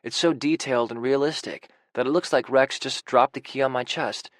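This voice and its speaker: A man narrating a first-person romance audiobook in a quiet, intimate way. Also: mid-range voice, normal speed, no echo.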